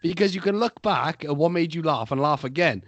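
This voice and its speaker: A man's voice: a little high, animated, brisk, fairly bright tone, highs cut off. A man co-hosting a casual podcast chat, talking emphatically and profanely about staying positive. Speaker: podcast co-host.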